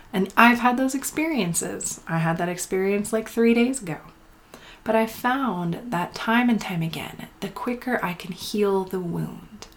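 Soft-spoken woman podcast host, low voice. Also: a little hiss or hum. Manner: soft, breathy delivery slipping into whispers, blunt swearing. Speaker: podcast host and healing coach. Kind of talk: intimate spiritual podcast talk.

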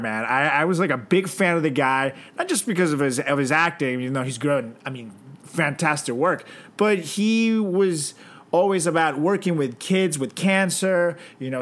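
Male podcast host, higher voice, joking and rambling, casual chat. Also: a bit bright. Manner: joking, rambling, with many fillers.

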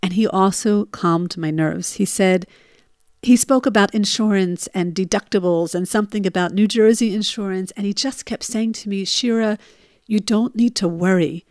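Woman, 40s, storyteller; emotional, rising bursts, mid pitch. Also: normal speed, darkish tone, no room sound, studio quality. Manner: emotional, re-lives her panic in rising bursts. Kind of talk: personal storytelling.

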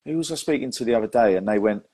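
A man's voice: mid-range voice, expressive, rapid-fire, dark tone, husky. A man hosting a podcast, telling stories in a chatty way and laughing often. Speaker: podcast host. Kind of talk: casual chat.

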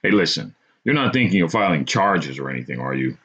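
A man's voice: low-pitched, sing-song, fairly quick, fairly bright tone, breathy edge, heavily acted. A man voicing a nervous male police officer who stutters, whines and pleads. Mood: pleading. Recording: dull lo-fi recording.

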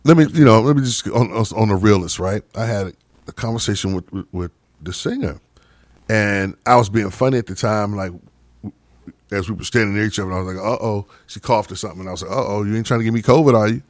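Talking fast in a lowish voice, a podcast co-host spins animated stories during casual chat and keeps asking "right?". There's no room sound on the recording.

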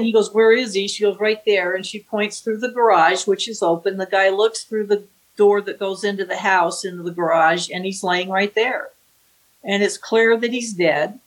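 A woman's voice: mid-range voice, low-quality recording. Woman author walking through a murder case, dramatic storyteller, does the voices of the people she quotes. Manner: vivid, dramatic retelling. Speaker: author recounting a true crime case.

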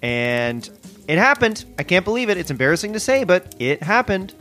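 A man's voice: high voice, normal speed, soft background music. A man co-hosting a comedy podcast, reacting earnestly and telling a sincere, rambling story. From Canada. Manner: earnest, easily impressed, lively reactions. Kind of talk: improvised comedy chat.

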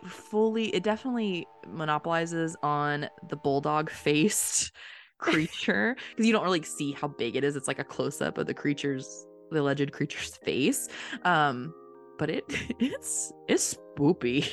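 A woman's voice: sits low, animated, measured pace, faint music behind. A woman co-hosting a casual podcast, playful and giggly as she talks. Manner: playful, giggly, swooping intonation. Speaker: podcast co-host.

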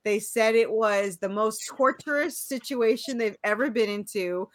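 A middle-aged woman co-hosts a podcast, chatting casually, laughing often, and trailing off into fillers. Her voice is a little high and unhurried, recorded with no echo.

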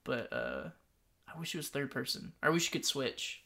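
A man's voice: medium pitch, huge pitch swings, normal speed, vocal fry, pushed and bright. A man co-hosting a podcast, chatting casually and jokingly about video games. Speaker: podcast co-host.

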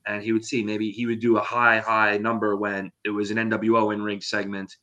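A man co-hosts a casual podcast chat and lays points out in a measured, explanatory way. His voice is lowish but has a bright, forward edge to it. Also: completely flat delivery. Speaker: podcast co-host.

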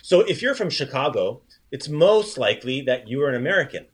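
A man hosting a casual podcast language lesson, encouraging his co-host and repeating phrases slowly. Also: medium pitch, sing-song, husky.

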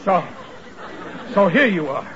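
A man's voice: high-pitched, big pitch swings, slow pace, a crowd in the background, heavily acted. An actor playing a blustering, flustered working-class father who talks in bad grammar, in a 1940s radio sitcom with a muffled old broadcast sound. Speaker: sitcom lead.

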